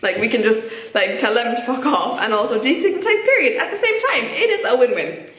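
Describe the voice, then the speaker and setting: A woman's voice: fairly high pitch, lively intonation, brisk, a bit bright. A young woman with an Irish accent giving her opinions in a casual vlog, chatty and full of filler words. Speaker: vlogger. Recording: echoey room.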